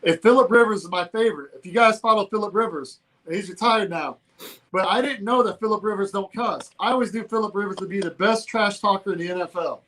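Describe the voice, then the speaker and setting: A man co-hosting a casual political talk show, animated and laughing often, from Georgia in the United States. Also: sits high, fast, rough recording. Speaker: co-host.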